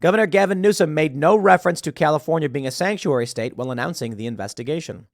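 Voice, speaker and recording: Male commentary host, somewhat high voice, emphatic and scornful, reads headlines, dry close recording. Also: fast, no echo. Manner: emphatic, scornful, stumbles over words. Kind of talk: opinionated political commentary, reading headlines.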